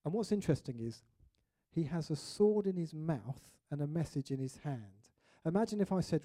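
A man delivers a sermon with an animated, storytelling style, often slipping into little acted-out voices. He grew up in England. His voice sits fairly high for a man, with a soft, mellow tone. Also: moderate pace. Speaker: preacher.

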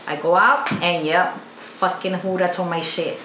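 A middle-aged woman, co-host of a podcast, telling a story in animated casual chat with heavy swearing. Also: on the low side, unhurried. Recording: roomy echo, faint background noise.

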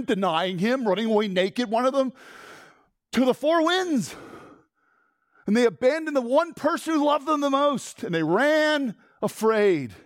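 In clean studio sound with no room sound, a middle-aged man delivers a sermon as pastor. His voice is very high-pitched, and he stays conversational and animated, moving from loud emphasis to quiet tones and putting questions to the congregation.

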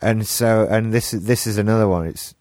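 A man's voice: lowish voice, steady tone, normal speed, darkish tone, no room sound, clean studio sound. A man with an English accent co-hosting a podcast, musing in a casual discussion and thinking aloud with restarts. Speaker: podcast co-host.

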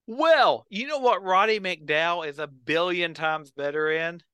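A man's voice: high voice, measured pace, pushed and bright, smooth, no echo. A man on a podcast, telling a story with enthusiasm and acting out the quotes. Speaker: podcast co-host. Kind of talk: casual chat.

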